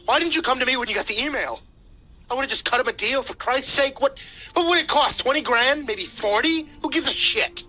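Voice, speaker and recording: A man voicing an older male boss who yells and curses at his staff. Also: extremely high pitch, a little fast, pitched above the performer's own voice, heavily acted. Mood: furious yelling. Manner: yelling, cursing.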